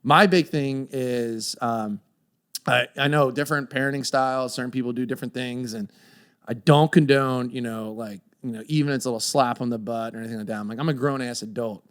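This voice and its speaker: A man in his thirties chatting on a podcast, telling lively stories and acting out the voices of the people in them. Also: medium pitch, fairly quick. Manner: animated storyteller, acts out voices in quotes. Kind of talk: casual chat.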